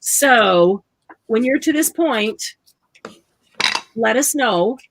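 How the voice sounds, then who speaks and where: Chatty high-voiced woman craft host. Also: animated, very slow, noisy background. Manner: chatty, laughs often, explains steps aloud. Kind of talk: live craft tutorial chat.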